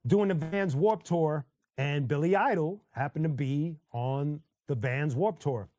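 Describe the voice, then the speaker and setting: A man with a high voice hosts a casual live stream and talks in a loose, chatty way. He tells stories with plenty of energy and slips into quick sung bits and laughter. The sound is dry and close, with no room echo. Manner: animated storyteller who sings snippets and laughs often. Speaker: host.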